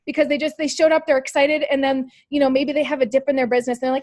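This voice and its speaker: Leading a sales team's motivational call, a woman speaks quickly in a high, flat, slightly mellow voice, with slight background noise. Her coaching is peppy and upbeat, aimed straight at her listeners, packed with rhetorical questions, "like" and "you guys."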